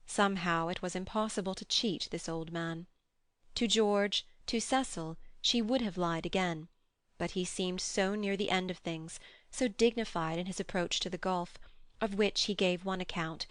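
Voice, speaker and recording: A woman narrating an audiobook of a classic novel in a measured, even reading style. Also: fairly low pitch, no room sound, studio quality. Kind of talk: scripted narration.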